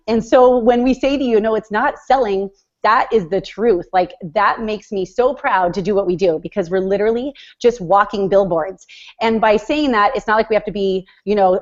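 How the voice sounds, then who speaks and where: Bubbly woman in her forties on a call. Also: mid-range voice. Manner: bubbly, excitable, gushing. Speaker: fitness business coach. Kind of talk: testimonial on a group call. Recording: dull lo-fi call audio.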